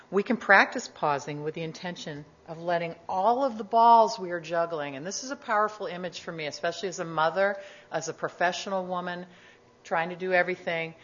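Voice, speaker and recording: A woman guest speaker giving a reflective sermon-style talk to a congregation, gentle and measured, with conversational asides. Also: lowish voice. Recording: dull lo-fi recording.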